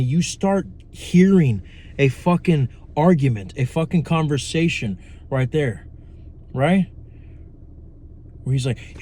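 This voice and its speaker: A man's voice: mid-range voice, unhurried, a little mellow. A young man giving a casual, profane, rambling talk on manifestation, blunt and full of asides. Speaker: manifestation coach. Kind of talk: casual monologue to camera.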